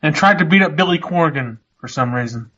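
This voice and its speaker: Bright-voiced man dropping dry quips. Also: a little high, expressive, fairly quick, dull audio. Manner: dry wisecracking interjections. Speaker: podcast co-host. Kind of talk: casual wrestling recap chat.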